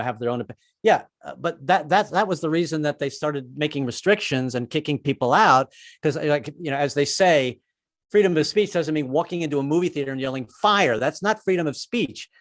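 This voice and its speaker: Male stand-up, slightly high voice, meandering delivery on a video call. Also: quick pace, no echo, studio quality. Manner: rambling, self-deprecating, slips into character voices. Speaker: stand-up comedian.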